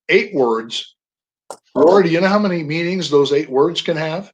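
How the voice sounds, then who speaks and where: A man's voice: fairly high pitch, normal speed, muffled recording. Older man telling stories with energy. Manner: storytelling, animated emphasis on words. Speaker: guest, veteran. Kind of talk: radio interview.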